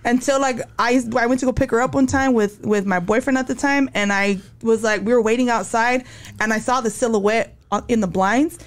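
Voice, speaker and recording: On a podcast, a young woman shares her life story in relaxed, candid, slang-filled storytelling, performing the quoted lines. Her voice is on the high side and her pace fairly quick.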